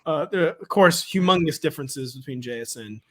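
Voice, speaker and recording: A man leads a loose sports discussion in a voice pitched a little above most men's. He pokes fun at his own past calls and often breaks into chuckles in the middle of a thought. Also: lively intonation, a bit bright. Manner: quick, self-mocking, chuckles mid-sentence. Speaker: show host running the draft. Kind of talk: casual sports chat.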